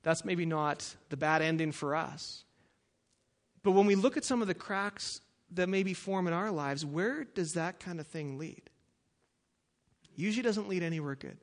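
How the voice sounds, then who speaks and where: A pastor giving a sermon and reading scripture aloud, emphatic and building to forceful peaks. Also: male voice, fairly high pitch, measured pace.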